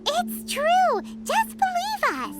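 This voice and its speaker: A squeaky chatty little sprite. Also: female voice, very animated, a little slow, full character voice. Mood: insistent. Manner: chatty, teasing, exclamatory. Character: small chirpy floating female companion sprite. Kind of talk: video game voice acting. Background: game music.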